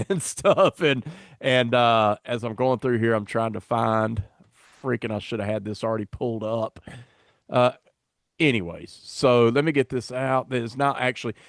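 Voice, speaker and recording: A man's voice: mid-range voice, no echo, clean studio sound. A man hosting a podcast in casual chat, rambling and self-deprecating as he fumbles along. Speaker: podcast host.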